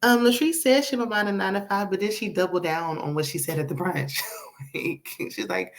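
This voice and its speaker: A woman's voice: mid-range voice, sing-song, brisk. A woman giving a sassy, chatty recap of a reality show, laughing often and talking straight to her viewers. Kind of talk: casual opinionated recap.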